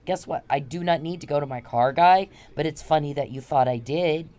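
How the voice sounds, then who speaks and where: A woman's voice: sits low, a little fast, warm tone. A woman vlogging, ranting confrontationally and with profanity at a man she accuses. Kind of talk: angry direct-to-camera rant.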